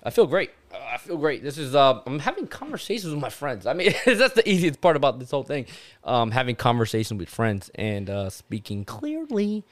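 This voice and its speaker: A man chatting as a podcast guest, animated and laughing a lot, dropping into playful shouted bits. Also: mid-range voice, a little fast. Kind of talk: casual chat.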